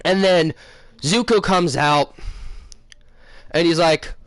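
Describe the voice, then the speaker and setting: A man's voice: on the high side, slow, a bit bright, no room sound. Rambling man retelling a dream. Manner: rambling, filler-heavy retelling. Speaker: channel host. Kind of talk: casual storytelling vlog.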